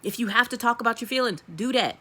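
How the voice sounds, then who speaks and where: A woman's voice: on the high side, fast, sharp tone. A woman tarot reader giving a blunt, profane and emphatic pep talk in a casual style.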